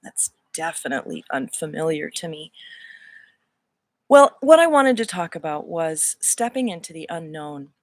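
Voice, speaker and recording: A woman's voice: sits low, sing-song, moderate pace, dry recording. A woman in her fifties hosting a casual spiritual livestream talk in a playful, put-on Irish accent, musing and drawing out her phrases into the camera mic. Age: 50s. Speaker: host.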